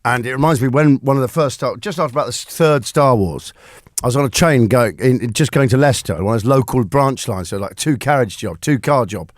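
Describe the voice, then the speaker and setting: A man's voice: mid-range voice, no echo, studio quality. A man hosting a radio show, chatting casually and telling stories with lots of laughter. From England. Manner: animated, laughing, does voices in anecdotes. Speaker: radio host. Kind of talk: casual radio banter and storytelling. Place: radio studio.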